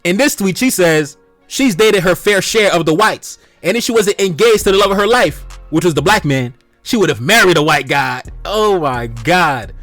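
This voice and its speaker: A man's voice: high-pitched, lively intonation, normal speed, fairly bright tone, no room sound, faint music behind. A man hosting a reaction video who preaches to his audience, laughing often and repeating exclamations. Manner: preachy, addresses "brothers" directly. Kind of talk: commentary on social media posts.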